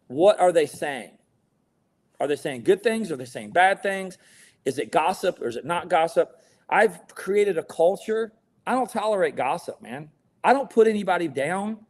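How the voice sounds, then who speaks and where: A man talking as a podcast guest about his business, blunt and emphatic, swearing freely. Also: high-pitched. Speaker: guest, window tint business owner. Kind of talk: casual podcast interview.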